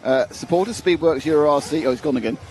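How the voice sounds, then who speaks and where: A British man co-hosts a livestream, chatting casually and joking with frequent laughter while music plays under the voices. His voice is a little high and darkish in tone, and he talks fast.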